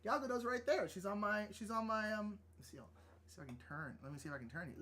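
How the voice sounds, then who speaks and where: A man hosting a live drawing stream, chatting casually and rambling, easily excited and flustered. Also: high-pitched, fast talker. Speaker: livestream artist host. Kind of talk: casual livestream chat while drawing.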